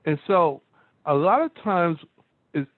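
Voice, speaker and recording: A man's voice: on the high side, lively intonation, slow, no room sound. A man giving an emphatic motivational talk to an online audience, telling stories and asking "guess what" again and again. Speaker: motivational speaker. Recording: dry, narrow phone-like sound.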